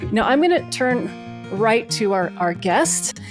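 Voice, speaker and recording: A woman's voice: fairly high pitch, sing-song, unhurried, over music. A woman hosting a podcast interview, giving chatty, friendly introductions. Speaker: podcast host.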